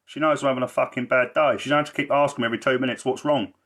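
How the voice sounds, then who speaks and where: A man's voice: mid-range voice, fairly even intonation, rapid-fire, fairly bright tone. A man talking in a blunt, rambling way on a casual livestream, swearing a lot and repeating himself for emphasis. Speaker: livestreamer and social care campaigner.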